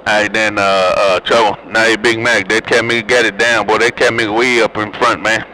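A man's voice: lowish voice, little pitch movement, fairly quick, bright, forceful tone, slight background noise, low-quality recording. A man chatting and teasing other drivers over a CB radio in slangy, joking banter. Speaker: CB radio operator. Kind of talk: casual CB radio chat.

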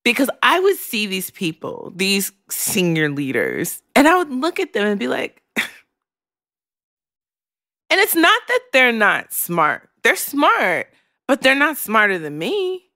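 A woman hosts a podcast in a candid monologue, speaking frankly and emotionally, swearing freely and choking back tears. Her voice is on the high side, sing-song, bright and forceful, and a little slow, recorded cleanly in a studio with no room sound.

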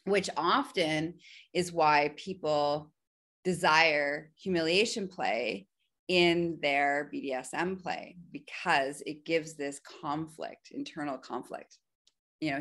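A woman speaking as a podcast guest, telling a frank personal story in an animated way with quick asides. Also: low-pitched. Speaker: podcast guest, BDSM wellness specialist. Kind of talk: candid personal storytelling in conversation.

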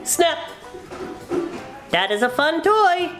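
A teacher reading aloud, voicing a cheeky little squirrel from a picture book in a high, perky voice. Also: big pitch swings, takes it slowly, a bit bright, soft background music, heavily acted. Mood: playful.

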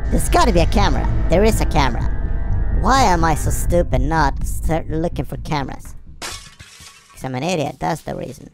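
A woman playing a video game and commenting, excitable and self-mocking, often yelling at the game. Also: low voice, normal speed, over music. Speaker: gameplay commentator.

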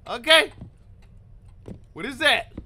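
A man playing through a horror game, reacting out loud in jumpy, slangy commentary and talking to himself. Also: very high-pitched, expressive, slow. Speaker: gaming channel host.

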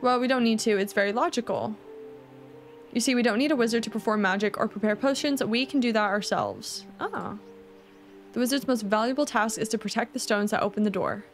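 A wise king who keeps dodging questions, read aloud by a woman. The game dialogue comes in a fairly high voice. The reading stays plain and close to the reader's own voice. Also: a little fast, soft background music, natural voice. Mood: calm. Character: wise but evasive male king.

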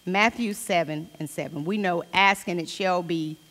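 A woman's voice: fairly low pitch, normal speed, fairly bright tone, big-room sound. A woman leading a Bible study in a chatty, informal way, reading scripture aloud between personal remarks. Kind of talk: conversational Bible study teaching. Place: church hall.

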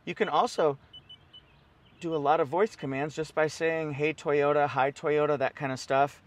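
An upbeat dealership salesman giving a casual car walkaround, his voice sitting notably high for a man. He keeps pointing things out and talking them up in an easygoing, promotional way. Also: moderate pace.

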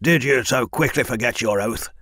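A man's voice: mid-range voice, fairly quick, a bit bright, no echo, clean studio sound, close to an everyday voice. A man voicing a stern, commanding military captain who demands discipline.

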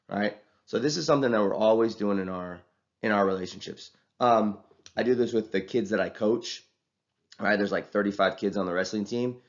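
In a dull, lo-fi recording, a male college teacher and wrestling coach lectures his class in a fairly quick, low-leaning voice. The tone is casual and conversational, with his points capped by "right?"

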